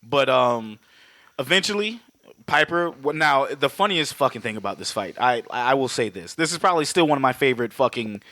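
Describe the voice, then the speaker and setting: A man co-hosting a podcast, excitedly recapping a movie fight with lots of swearing, laughter and acted-out quotes. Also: mid-range voice, fairly quick. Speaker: podcast co-host. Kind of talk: casual profane movie recap.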